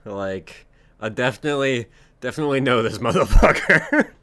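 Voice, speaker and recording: A man's voice: mid-range voice, animated, normal speed, bright, forceful tone, no echo. A man co-hosting a casual podcast, laughing often and chiming in with short reactions. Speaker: podcast co-host. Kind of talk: casual chat.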